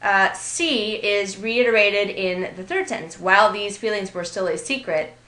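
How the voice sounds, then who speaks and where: A writing instructor gives a recorded grammar lecture in a sharp-toned, medium-pitched, unhurried voice. She explains with light amusement and reads example sentences aloud, and the room has a noticeable echo.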